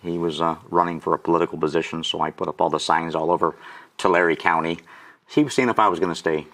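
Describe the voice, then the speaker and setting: Low-voiced guest in his 60s, emotional testimony storyteller who chokes up. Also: steady tone, fast, fairly bright tone. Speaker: guest auctioneer.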